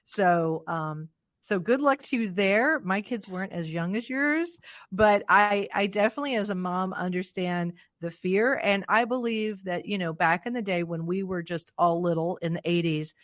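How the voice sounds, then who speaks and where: A woman's voice: mid-range voice, moderate pace, fairly bright tone, dry recording, studio quality. A woman in her forties hosting a podcast, talking in a chatty, joking way with self-deprecating asides. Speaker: podcast host. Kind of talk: casual podcast chat.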